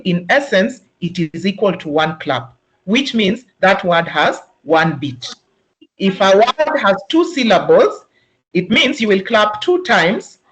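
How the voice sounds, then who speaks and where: A Kenyan-accented voice leads a teachers' webinar at a mid pitch. The delivery is patient and explanatory. Words are sounded out slowly, syllable by syllable, to show their rhythm. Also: fairly bright tone. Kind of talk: instructional webinar talk.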